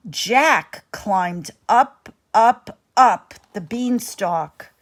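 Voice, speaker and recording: Woman reading a bedtime story, real slow, lots of pitch swings. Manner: expressive, slow, dramatic.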